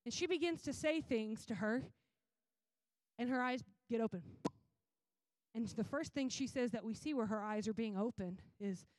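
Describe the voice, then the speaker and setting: Woman preacher who tells sermon stories in a lively way with casual slang. Voice is high. Sound is dry. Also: moderate pace, no room sound. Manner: animated, casual storytelling with slang.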